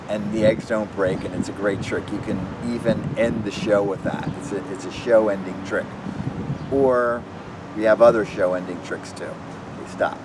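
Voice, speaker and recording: A man running a casual magic tutorial, rambling and animated, often restarting his sentences. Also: lowish voice. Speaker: magician demonstrating tricks. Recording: distant mic with clear background noise.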